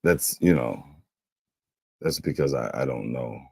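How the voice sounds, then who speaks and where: A man's voice: very deep voice, unhurried, gravelly, darkish tone, husky, dry recording, studio quality. A man in a video clip speaking in a hesitant, musing way.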